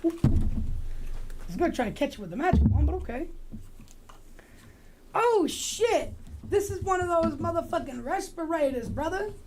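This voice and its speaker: A woman's voice: very high voice, big pitch swings, normal speed, long pauses, noisy background. A woman hosting a livestream, chatting in a rambling, joking, profane way. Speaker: livestream host. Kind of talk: casual rambling chat.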